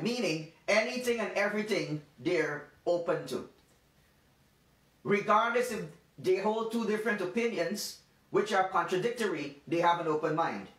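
Male pastor, high-pitched, emphatic repetitive delivery, off-mic in a roomy space. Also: a bit bright. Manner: emphatic, repetitive preaching with slow stressed phrases. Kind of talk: devotional sermon. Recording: roomy sound from a distant mic.

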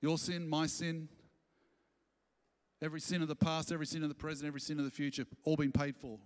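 A man delivers a sermon as pastor, his voice pitched high for a man. He preaches with animation and now and then acts out quoted lines in voices. The long reverb of a church auditorium trails after his words. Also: little pitch movement, quick pace.

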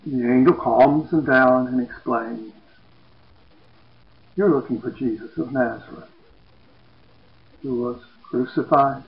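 A man's voice: medium pitch, expressive, a little slow, long pauses, muffled recording. Man retelling a story in an echoey room. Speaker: Bible teacher.

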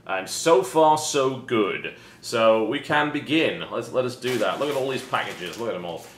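A British man hosting a casual unboxing chat with dry, deadpan sarcastic humor. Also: medium pitch, normal speed. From Britain. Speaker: host. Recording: roomy echo with faint noise.

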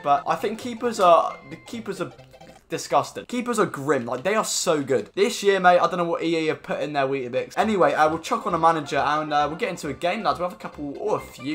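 A young man with a chatty, excitable manner, commentating his own football video game matches and calling his viewers mate and lads. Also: fairly high pitch. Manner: excitable, swears, shouts at the game. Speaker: gaming YouTuber. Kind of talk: gameplay commentary. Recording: faint music behind.

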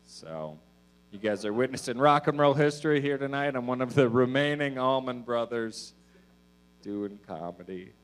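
A man's voice: medium pitch, expressive, moderate pace, clear, resonant tone. A man doing a stand-up comedy set on stage, with a loose, profane, meandering delivery full of fillers.

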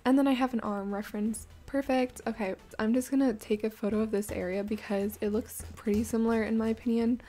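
A woman's voice: fairly high pitch, dark tone. Tired, giggly young woman gamer. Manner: chatty, giggly, self-deprecating. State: tired morning voice. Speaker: gaming YouTuber. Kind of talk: casual gameplay commentary. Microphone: desk USB microphone.

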